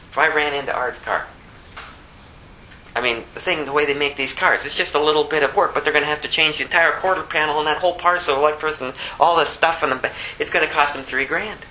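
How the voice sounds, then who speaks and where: A man preaches in an easygoing, conversational way, with a bright and somewhat high voice. He slips into the voices of the people in his stories and lifts sharply when he drives a point home. A faint background noise runs underneath. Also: fairly even intonation, poor audio. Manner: conversational, plays out the story characters in quick voices; rises high and loud when stressing a point. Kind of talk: informal sermon.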